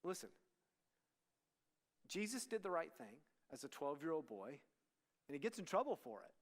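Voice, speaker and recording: A man's voice: fairly high pitch, sing-song, normal speed. A man preaching to a student ministry in a conversational sermon, often acting out the lines of the people in the story. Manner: conversational, acts out dialogue. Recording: long hall reverb.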